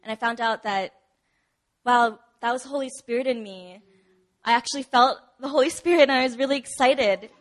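At a church service, a woman gives her personal testimony as a church member, speaking at a moderate pace in a slightly high voice. Her delivery is chatty, packed with fillers and broken up by frequent laughter.

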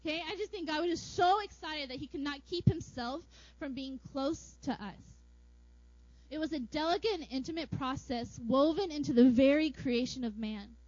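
High-voiced woman preaching playfully. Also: moderate pace, no room sound, dull audio. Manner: playful and animated, with jokes and acted-out asides. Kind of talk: sermon.

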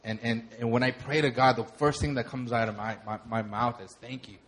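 A young adult man preaching a sermon, talking conversationally, with animated storytelling and laughter. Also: medium pitch, brisk. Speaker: pastor.

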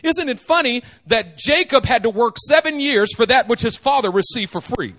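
A man preaching a sermon, animated and joking, acting out the quotes. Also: very high voice, moderate pace. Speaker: pastor.

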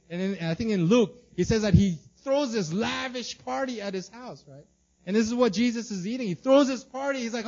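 A male pastor preaches with a high, lively voice, slipping into the voices of the people in the story as he goes. He repeats and restarts his words often. The recording sounds slightly dull. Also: fairly quick. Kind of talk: sermon.

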